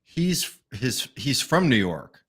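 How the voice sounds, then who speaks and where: A man's voice: mid-range voice, big pitch swings, takes it slowly, a bit bright, breathy edge. A man speaking as a podcast guest in a rambling casual chat, chuckling as he talks. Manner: rambling, chuckles mid-sentence. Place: Austin, Texas.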